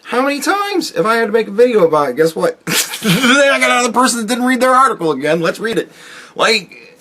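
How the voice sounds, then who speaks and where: A man's voice: very high-pitched, sing-song, fairly quick, bright, forceful tone. A man in his forties, a YouTube commentator ranting sarcastically with heavy profanity straight at the viewer. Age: 40s.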